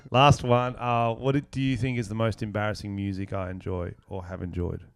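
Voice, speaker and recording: A man's voice: on the low side, little pitch movement, normal speed, dry recording. A man with an Australian accent hosting a podcast, telling stories casually, profane and rambling, laughing at his own jokes. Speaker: podcast host.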